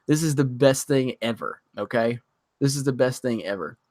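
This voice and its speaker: Excitable ranting male stream host. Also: medium pitch, normal speed, no echo, clean studio sound. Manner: ranting, excitable, swears freely. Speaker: livestream host reading chat. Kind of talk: casual livestream chat.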